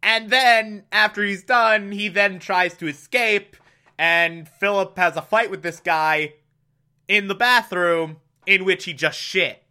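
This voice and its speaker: High, bright-voiced man recapping a show. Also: slow pace. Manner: animated and exclamatory. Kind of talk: casual TV episode recap.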